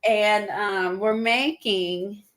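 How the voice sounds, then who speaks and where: A woman chatting casually on an art livestream, a little out of breath and stuffy, rambling with halting fillers and restarts. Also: medium pitch, a bit bright. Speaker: guest showing art supplies.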